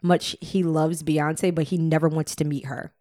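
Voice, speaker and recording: A woman's voice: low-pitched, flat delivery, moderate pace, dark tone. Blunt swearing podcast co-host, woman. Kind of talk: casual podcast banter.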